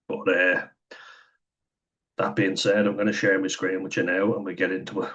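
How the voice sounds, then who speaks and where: Low monotone guy ranting about stuff, cursing a lot, lots of laughs, kinda muffled lo-fi sound. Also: slow pace, long pauses. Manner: swears freely, laughs often, acts out quotes. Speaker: vlogger. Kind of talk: candid personal talk to camera.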